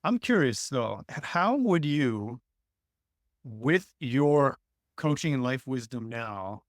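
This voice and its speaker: A man's voice: mid-range voice, sing-song, slow pace, no echo, clean studio sound. A man hosting a podcast interview, asking thoughtful questions in an affirming way. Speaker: podcast host.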